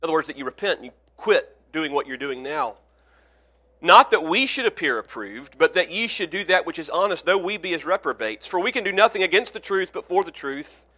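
A man preaching a sermon to his congregation, earnest, swinging from loud emphatic passages to hushed, pleading ones. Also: a little high, expressive, brisk. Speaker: pastor.

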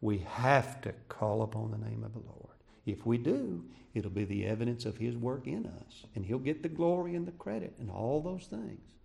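A male pastor preaching a sermon, swinging between raised, emphatic cries and hushed, quiet passages. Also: mid-range voice, very animated, normal speed, vocal fry, few pauses. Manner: preaching with rising shouts and hushed drops.

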